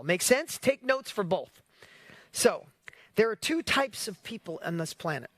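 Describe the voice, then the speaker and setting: An energetic man hosts an online business challenge in a loose, motivational way and keeps throwing rhetorical questions at his viewers. His voice sits high for a man and sounds bright and forceful. The sound is dry, with no room echo. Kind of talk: casual motivational livestream talk.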